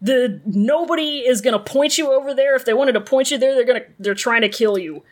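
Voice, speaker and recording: A woman's voice: high-pitched, brisk, darkish tone. A woman putting on a grumpy, swearing male villager who is indignant about strangers in his yard.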